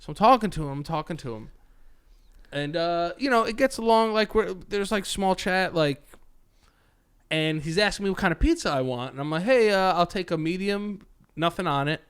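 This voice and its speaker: A man co-hosting a casual podcast, with a voice pitched a bit high for a man. He tells stories animatedly, swears freely, and acts out the people he quotes. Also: expressive, normal speed, smooth. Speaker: podcast co-host. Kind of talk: casual storytelling chat.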